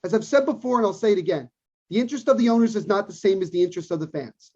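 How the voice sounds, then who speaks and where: A man with a husky, breathy edge holds forth on a sports podcast, emphatic and opinionated. He hammers his points home by repeating them. The sound is muffled and lo-fi. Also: high-pitched, animated, racing, a little mellow. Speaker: podcast co-host. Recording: dull lo-fi recording.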